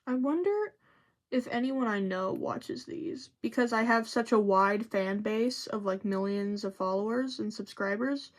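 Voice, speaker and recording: A woman's voice: medium pitch, measured pace. A young woman vlogging to camera in a casual, rambling chat, swearing freely and joking at her own expense. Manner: rambling, profane, self-mocking.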